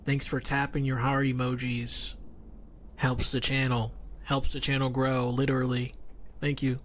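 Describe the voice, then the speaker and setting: This man streams as a VTuber, his mid-range voice fairly bright as he chats playfully and casually with viewers, wandering from topic to topic. He's recorded on a binaural dummy-head microphone, with slight background noise behind him.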